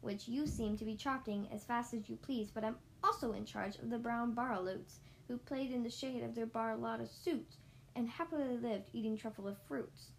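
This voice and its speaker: Woman as grumpy little old male storybook creature, snappish, reproachful, on the high side. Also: moderate pace, vocal fry, a little hiss or hum, low-quality recording. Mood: scolding. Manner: snappish, reproachful rhymed scolding.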